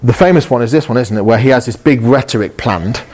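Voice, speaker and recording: A man's voice: mid-range voice, quick pace, darkish tone. A man preaching a sermon in an earnest way, repeating phrases for emphasis and asking his listeners rhetorical questions. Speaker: pastor.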